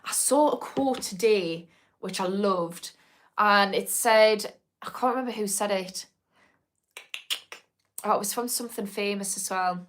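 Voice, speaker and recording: A woman's voice: mid-range voice, unhurried, long pauses, a bit bright. A woman, an addiction therapist hosting a casual live-stream Q&A, speaking frankly with swearing and frequent ums. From Newcastle, north of England. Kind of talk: live-stream Q&A, reading viewer comments.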